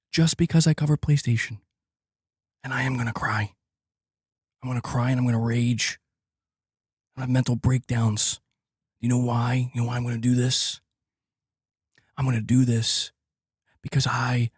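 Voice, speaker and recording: A man's voice: mid-range voice, a little mellow, breathy edge, no room sound, studio quality. A man streaming gaming news, delivering an impassioned rant that is full of swearing and repeated words for emphasis. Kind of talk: live stream commentary rant.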